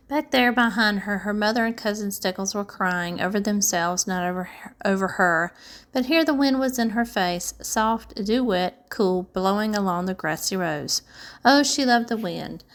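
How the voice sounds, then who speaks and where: A woman reading a novel aloud at an even, steady pace, with the odd small stumble. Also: mid-range voice. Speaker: amateur audiobook reader.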